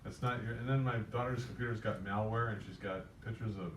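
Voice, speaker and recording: A man's voice: lowish voice, fairly even intonation, brisk. A man improvising a role-play as a homeowner, telling a joking story with animation in front of a live audience. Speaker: workshop presenter playing a homeowner in a sales role-play. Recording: echoey room, distant mic, noisy.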